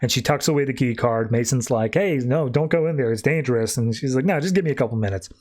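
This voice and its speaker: A male podcast co-host quickly recaps a comic story in a casual, filler-heavy way, briefly putting on voices to quote the characters. His voice is mid-range and a little mellow.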